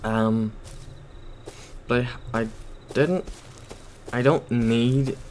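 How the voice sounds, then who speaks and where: A man's voice: mid-range voice, very slow, a little mellow, a little hiss or hum. A man giving casual gameplay commentary while playing at his computer, rambling and hesitant, full of ums and self-corrections. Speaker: gaming YouTuber.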